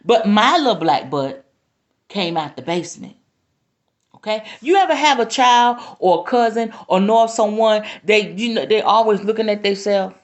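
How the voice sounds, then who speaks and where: A woman's voice: mid-range voice, expressive, normal speed. A woman, speaking with emphatic, preacherly passion to viewers on a live stream. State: near tears at times. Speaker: spiritual teacher hosting a live stream. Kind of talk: impassioned live-stream monologue. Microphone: phone or webcam.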